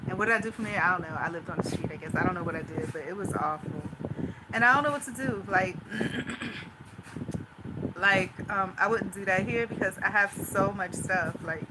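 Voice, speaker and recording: A woman vlogger talks through her worries in a rambling, run-on way, anxious and restless. Her pitch sits in a middle range. A steady hiss of background noise runs under the recording. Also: moderate pace. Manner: anxious, talks things out in loose run-on asides. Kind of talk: rambling personal venting monologue.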